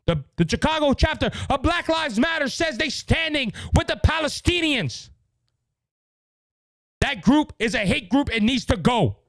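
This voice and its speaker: On his podcast, a man with a Louisiana Cajun accent rants through heated, angry political commentary, yelling and repeating himself. His voice is very high and expressive, a little slow, with no room sound.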